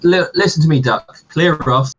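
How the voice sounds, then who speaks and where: This is a gruff male sailor gang leader from a tabletop game, voiced by a game master. He talks bluntly and dismissively in a husky voice that sits a bit high. It comes through a dull, lo-fi recording. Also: moderate pace, fairly bright tone.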